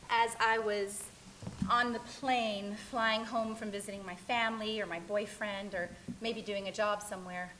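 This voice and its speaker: A middle-aged woman telling her own life story as a theatrical one-woman monologue, expressive and wistful. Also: mid-range voice, a little hiss or hum, low-quality recording. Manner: expressive, wistful, self-reflective. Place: stage.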